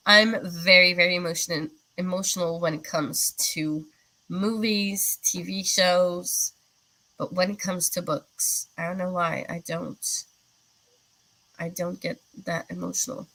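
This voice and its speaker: Answering viewer comments as they come in, this livestream host rambles chattily, leaning heavily on fillers. Her voice is fairly low with a steady, unhurried delivery and a bright, forceful tone. The recording quality is poor.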